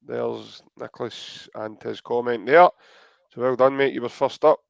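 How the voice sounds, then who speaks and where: Scottish male podcast host, gravelly, chatty and teasing, dry muffled audio. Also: mid-range voice, fairly even intonation, a little slow, dry recording. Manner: joking, chatty, hesitant. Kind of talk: casual podcast chat.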